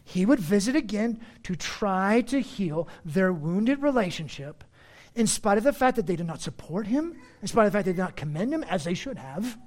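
A man preaching from the pulpit, his pitch leaping up and down as he drives points home. He moves between loud, emphatic lines and sudden soft asides, in the manner of a pastor teaching verse by verse. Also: very animated, normal speed. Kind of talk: expository sermon.

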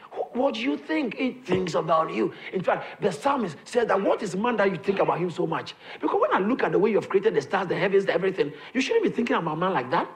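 A man preaching a sermon, repeating his lines emphatically, building to shouts, and calling on the congregation to answer. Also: sits high, sing-song, fast, creaky. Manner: calls on the congregation to respond. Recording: echoey room with crowd audible. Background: congregation responding.

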